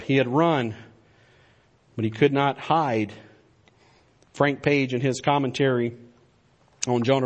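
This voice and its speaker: A man preaching a sermon in an earnest, emphatic manner. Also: mid-range voice. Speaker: pastor.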